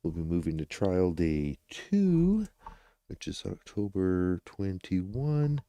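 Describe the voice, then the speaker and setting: A man's voice: sits low, very animated, takes it slowly, mellow, no room sound. A man hosting a true crime livestream, chatting casually and rambling as he talks to his viewers.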